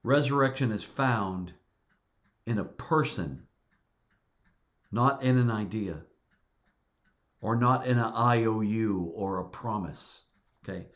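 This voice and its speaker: A middle-aged male pastor preaching a sermon, earnest and deliberate, repeating words for emphasis. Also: lowish voice.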